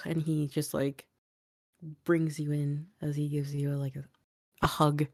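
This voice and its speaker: A woman's voice: low-pitched, flat delivery, slow pace, no room sound, clean studio sound. A woman narrating a tabletop game as game master, describing scenes directly to the players.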